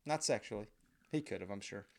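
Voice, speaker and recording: A man's voice: lowish voice, animated, fairly quick, vocal fry. A man hosting a podcast, telling a comic personal story in a profane, self-mocking, rambling way. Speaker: podcast host.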